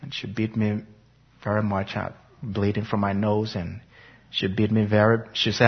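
Husky low-voiced man sharing his testimony. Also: little pitch movement, moderate pace, muffled recording. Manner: earnest, reflective storytelling. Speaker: speaker giving a personal testimony. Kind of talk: personal faith testimony.

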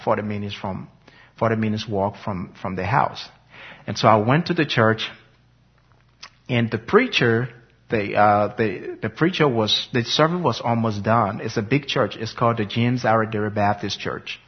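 A man's voice: on the low side, breathy edge. A man telling his personal faith testimony in an earnest, reflective way, on a muffled lo-fi recording. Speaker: speaker giving a personal testimony.

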